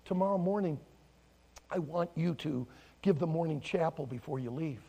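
A man voicing a firm male camp leader who calmly insists, in a husky, gravelly, fairly high voice. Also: moderate pace. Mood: insistent.

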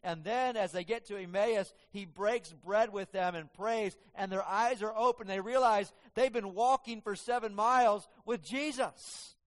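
A man preaching a sermon, earnest and halting, often restarting his words, heard with long hall reverb in a church. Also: high voice.

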